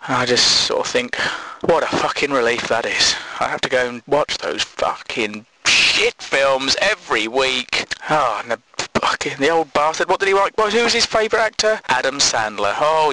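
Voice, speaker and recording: A man voicing a bitter, crude middle-aged man in his fifties who rambles in a slow, deadpan way. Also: mid-range voice, a little hiss or hum, pitched below the performer's own voice, rough recording. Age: 50s.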